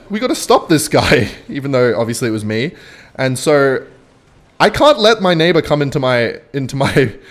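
A young man talks through a strategy game in a loose, rambling way, jumping between game calls and a personal anecdote. His voice sits in a middle pitch but swings around a lot as he talks. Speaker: gaming video creator. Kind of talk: casual gameplay commentary and storytelling.

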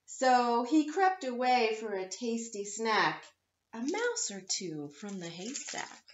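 A woman reading a picture book aloud to children at story time, in a gentle, playful storyteller's manner. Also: fairly high pitch, sing-song, slow pace. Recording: echoey, slightly dull room.

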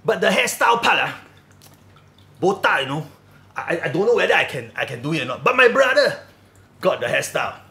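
A man voicing a high, gravelly Singlish fanboy in his twenties, chatty and eager, for a comedy sketch. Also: a little fast, long pauses, roomy sound, exaggerated voice. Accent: Singaporean English (Singlish). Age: 20s. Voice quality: creaky, playful Singlish sing-song. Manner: chatty, excitable, Singlish particles. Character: goofy young Singaporean man, earnest fan.

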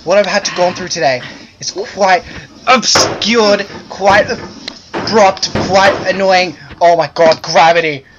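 A man's voice: high-pitched, steady tone, slow. A man giving gameplay commentary, exclaiming and pleading with the game in exasperation. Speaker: gamer. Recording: dull lo-fi mic with loud noise and clicks.

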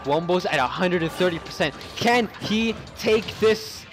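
A young Canadian man doing excited, stammering play-by-play commentary at a loud tournament, shouting over a cheering crowd. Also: sits high, moderate pace. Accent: Canadian English. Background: crowd cheering and music.

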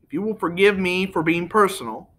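A man's voice: high-pitched, brisk, sharp tone, pitched above the performer's own voice. A man voicing a polite, formal foreign detective who calls others monsieur. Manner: formal, addresses people as monsieur.

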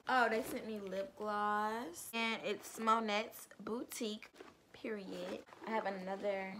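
A woman's voice: mid-range voice, noisy background. A young woman vlogging an unboxing, gushing and bubbly, full of slang and "like". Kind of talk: excited unboxing vlog.

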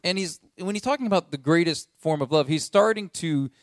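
A man's voice: on the high side, lively intonation, brisk, no echo, clean studio sound. A man preaching a conversational sermon, reading scripture aloud and repeating key lines for emphasis.

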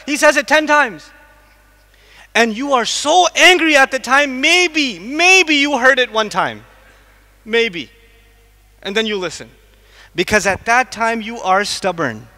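A man's voice: very high voice, animated, a little slow, sharp tone. A man giving a lecture to a live audience in a large mosque hall, quizzing the listeners with repeated questions. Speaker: Islamic lecturer. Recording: long echo of a mosque hall.

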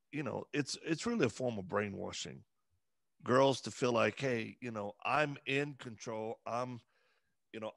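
Man guest, gravelly voice, earnest halting delivery, dry close mic. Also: fairly low pitch, fairly bright tone, no room sound. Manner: earnest, halting, many fillers and restarts. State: emotional, voice breaking at times. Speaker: interview guest. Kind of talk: conversational interview.

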